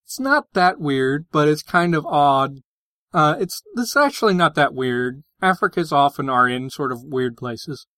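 A man's voice: fairly high pitch, lively intonation, measured pace, bright, forceful tone, dry recording. A man co-hosting a podcast, explaining linguistics in a casual, hesitant way with many fillers and restarts. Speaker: podcast co-host.

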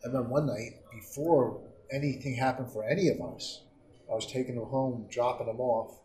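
A middle-aged man telling stories in casual talk, profane and animated. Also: mid-range voice, fairly quick, echoey room, far from the mic, a little hiss or hum, low-quality recording. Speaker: comedian guest. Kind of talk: casual storytelling.

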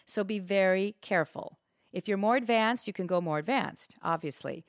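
A woman's voice: medium pitch, normal speed, no room sound. A middle-aged woman talks listeners through a fitness plan in a casual, upbeat way. She coaches with emphatic pushes, close to the mic in a dry, deadened space. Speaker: fitness podcast host. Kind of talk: casual instructional talk.

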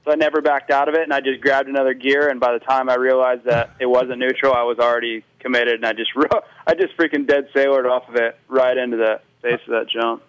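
A man's voice: medium pitch, flat delivery, quick pace, few pauses, smooth, dry recording, muffled recording. A man from Florida, a guest racer, chatting casually in laid-back slang. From Florida, USA. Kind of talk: casual interview chat.

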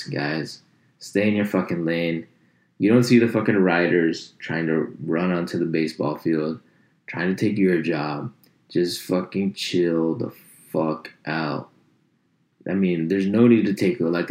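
A man's voice: moderate pace, roomy sound. A man ranting in a comic, profane way, swearing constantly and jumping into mocking voices. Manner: animated, swears constantly, jumps into high mock voices. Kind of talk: profane comedic rant.

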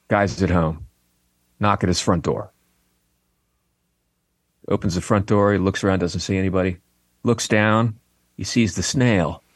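A middle-aged man, a comedian, telling jokes in casual chat, animated and laughing at his own punchlines. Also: low-pitched, unhurried, long pauses, no echo, studio quality. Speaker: comedian guest.

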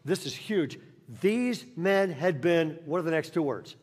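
A guest pastor from Northern California preaches a sermon to the congregation in a large church auditorium, with church hall reverb. He tells a story and voices its characters, his fairly high, slightly rough, darkish voice unhurried with lively intonation.

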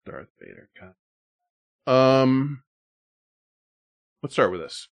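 Animated podcast host, dry sound. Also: male voice, medium pitch, takes it slowly, no room sound. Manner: animated, laughing, swearing. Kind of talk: casual podcast chat.

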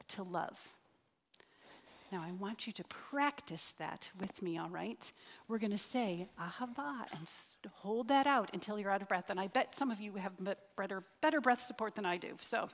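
In a reverberant church hall, a middle-aged woman preaches earnestly from the sanctuary, drawing out key words for emphasis and leading the congregation in prayer. Her mid-range voice is fairly bright, with lively intonation.

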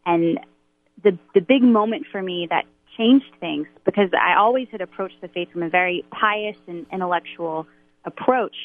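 A woman's voice: on the low side, moderate pace. A woman musician candidly sharing a faith testimony in a radio interview, with nervous laughter between phrases. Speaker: Catholic worship musician, guest. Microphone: phone. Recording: tinny phone line.

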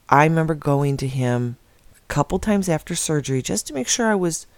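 Earnest man, personal testimony, gravelly mid-range voice, dry close sound. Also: mid-range voice, a little mellow, no echo. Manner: earnest, heartfelt, reflective. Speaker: speaker sharing a personal faith story.

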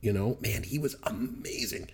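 A man's voice: lowish voice, normal speed. A man co-hosting a podcast, telling stories in an emphatic, enthusiastic way. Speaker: podcast co-host. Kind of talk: casual podcast chat.

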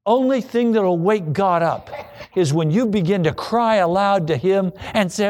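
A man preaching a sermon, acting out pleading prayers and quoted voices, then dropping low for repeated refrains. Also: expressive, normal speed, a little mellow.

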